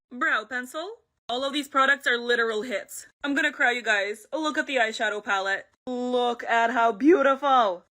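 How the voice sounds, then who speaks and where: Bright, excitable woman makeup vlogger. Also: a little high. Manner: excitable, chatty, laughs often. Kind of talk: casual makeup tutorial vlog.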